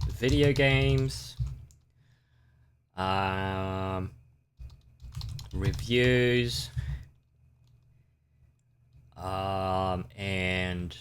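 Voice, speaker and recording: Slow low-voiced man chatting on stream. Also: a little hiss or hum. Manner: rambling, chatty, talks to chat. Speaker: livestream host. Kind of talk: casual livestream chat.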